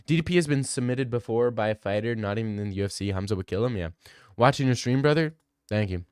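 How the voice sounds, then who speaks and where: A man's voice: fairly low pitch, quick pace, darkish tone, clean tone, no echo, studio quality. A young man streaming, reading live comments in joking, rambling casual chat.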